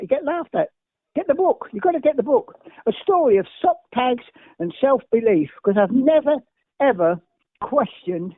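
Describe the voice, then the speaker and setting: A man's voice: very high voice, no room sound. Older English man, emphatic rambling storyteller, tinny narrow sound, dry. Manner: emphatic, repetitive, rambling anecdotes. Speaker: guest. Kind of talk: anecdotal interview storytelling.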